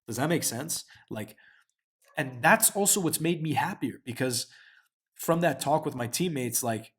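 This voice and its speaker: A young man in his twenties talks straight to the camera about what he learned, looping through his thoughts. His speech is loose and full of slang, curse words and a steady stream of "like". His pitch sits in the middle range for a man. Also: a little slow. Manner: heavy slang and swearing, frequent filler "like". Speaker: vlogger. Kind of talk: casual reflective monologue.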